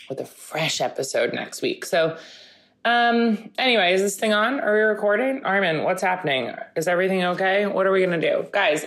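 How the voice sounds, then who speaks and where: A woman hosting a podcast with a casual, rambling, joking solo intro, tired after a late night out. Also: fairly low pitch. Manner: rambling, jokey. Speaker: podcast host.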